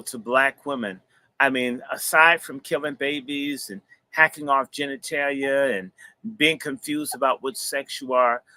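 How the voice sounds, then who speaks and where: A man's voice: mid-range voice, sharp tone, dry recording. A man hosting a livestream, talking in a rambling, profane, sermon-like way. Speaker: host and minister. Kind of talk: preacherly livestream talk.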